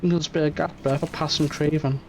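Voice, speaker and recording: A man's voice: fairly high pitch, steady tone, a little fast, darkish tone, close to an everyday voice. A man voicing a seasoned old sailor in a game reading, telling his tale matter-of-factly. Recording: muffled stream audio, faint music.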